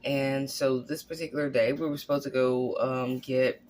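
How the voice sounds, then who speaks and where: A woman's voice: extremely low pitch, normal speed, slight background noise. A woman in her forties, telling a personal story on a vlog in a candid, blunt, sometimes profane way, acting out what people said. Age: 40s. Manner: candid, blunt, profane, animated, acts out quotes. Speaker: vlogger.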